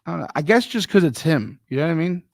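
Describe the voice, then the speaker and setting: A brash, profane man rattles through sports talk at a quick clip. His voice is mid-pitched and sounds dry and close to the mic. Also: animated, creaky, dry recording. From Philadelphia. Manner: brash, profane, fast, laughs a lot. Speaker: podcast co-host. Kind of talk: casual sports chat.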